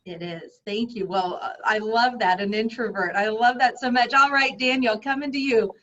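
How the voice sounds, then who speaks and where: A woman hosting an upbeat podcast interview in a fairly high voice. She talks in an effusive, encouraging way and keeps praising her guests. The audio is dull and lo-fi. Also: moderate pace, a bit bright. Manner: effusive, encouraging, lots of "I love it". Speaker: podcast host.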